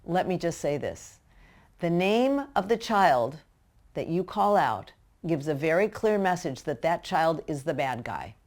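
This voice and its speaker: A woman's voice: sits low, sing-song, unhurried, a little mellow. A woman giving practical, direct advice to parents in a teaching talk. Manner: direct, practical, acts out parent and child voices. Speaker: parenting educator.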